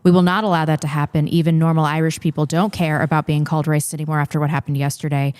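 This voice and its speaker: A woman hosting a casual political talk show, animated and full of fillers. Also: low-pitched, rapid-fire, clean tone, in a large hall. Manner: animated, laughs often, many fillers. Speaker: podcast host.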